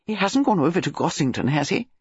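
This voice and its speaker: A woman voicing a brisk, friendly middle-aged country lady who talks in a chatty way. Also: on the low side, big pitch swings, husky, no echo, full character voice. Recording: slightly dull lo-fi audio.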